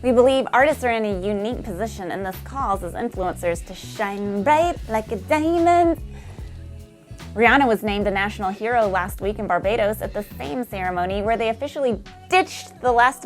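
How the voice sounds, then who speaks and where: A woman's voice: medium pitch, fairly quick, hardly any pauses. A woman in her thirties from Nashville hosting a music news show, reading her script with breezy, slangy asides. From Nashville, USA. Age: 30s.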